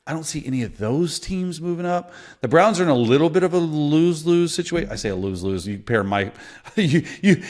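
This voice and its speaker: A man's voice: on the high side, expressive, a little fast, a little mellow. A man co-hosting a podcast, a former quarterback talking football in casual, rambling speech full of restarts. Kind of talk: casual sports talk.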